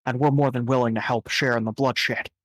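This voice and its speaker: A man voicing a grim, subdued gang enforcer in a tabletop game, speaking low and quietly. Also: steady tone, a little fast, natural voice.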